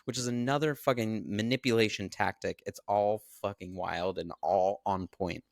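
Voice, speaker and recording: Man, podcast co-host, animated, swears a lot, low voice, dry close sound. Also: moderate pace, vocal fry, no room sound. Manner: animated, profane storytelling. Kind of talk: casual chat recapping a film.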